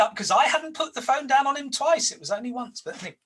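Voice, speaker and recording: A man's voice: very high-pitched, lively intonation, quick pace, a bit bright, far from the mic, poor audio. A man in his sixties coaching an HR group, making his points through anecdotes and stressing them by repeating his words. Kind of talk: workshop facilitation with anecdotes.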